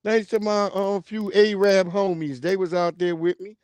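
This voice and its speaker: A man's voice: high-pitched, moderate pace, smooth, dry recording. A man hosting a livestream, telling stories in a casual, profane comedic rant. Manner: animated, profane storytelling. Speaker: livestream host.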